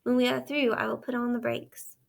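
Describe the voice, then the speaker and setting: A woman voicing a kindly but stern male train engine driver who talks in a steady, plainspoken way. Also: a little high, fairly quick, gravelly. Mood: urgent.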